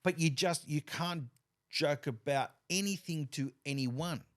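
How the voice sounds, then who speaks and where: A man's voice: a little high, measured pace. A man hosting a casual chat, making his points earnestly and with emphasis.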